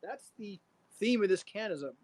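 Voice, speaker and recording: A man's voice: high voice, expressive, normal speed, a little mellow, husky, rough recording. A man co-hosting a homebrew show, chatting casually on a live stream in a laid-back way and often calling people "man".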